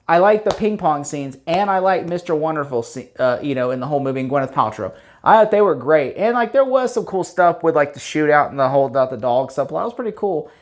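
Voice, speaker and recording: Rambling man recapping a film. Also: high-pitched. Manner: rambling, filler-heavy with many restarts and chuckles; blunt, opinionated. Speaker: movie reviewer. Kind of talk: casual spoken movie recap.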